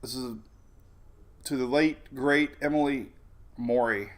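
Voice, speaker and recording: A man's voice: medium pitch, slow. A man hosting a casual weather livestream, walking through maps and rambling off topic in a chatty way. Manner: talks over weather maps on screen. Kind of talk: casual tropical weather briefing.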